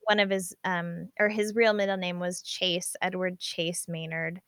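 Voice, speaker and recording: A woman co-hosting a podcast in casual chat, animated, reading out news quotes. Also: fairly low pitch, a little slow, smooth, dry recording, studio quality. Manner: animated, reads quotes from newspaper articles. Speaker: podcast co-host.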